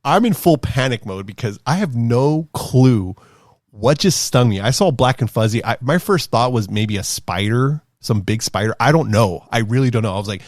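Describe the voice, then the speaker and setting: A man in his thirties casually telling a rambling, animated story as a podcast host, acting out quotes in a higher voice. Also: moderate pace, no room sound, clean studio sound. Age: 30s.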